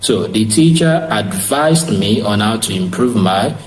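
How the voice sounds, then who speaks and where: A man teaching an English grammar lesson online, slow and repetitive, spelling words out letter by letter. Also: lowish voice, lively intonation. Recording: echoey room with faint hiss.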